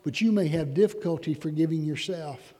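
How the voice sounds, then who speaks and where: Preacher in a reverberant sanctuary. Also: male voice, fairly high pitch, fairly quick, mellow, a little hiss or hum. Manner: earnest storytelling preacher, rising to emphatic points. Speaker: pastor. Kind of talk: sermon. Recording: long reverb of a large hall.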